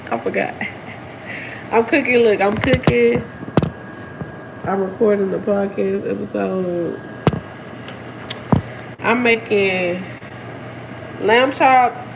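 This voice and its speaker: A woman's voice: medium pitch, gravelly, noisy background. A woman from Dallas hosting a casual livestream, chatting in a slangy, rambling way and turning to her chat between asides. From Dallas, Texas. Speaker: livestream host. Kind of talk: casual live-stream chat. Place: at home while cooking.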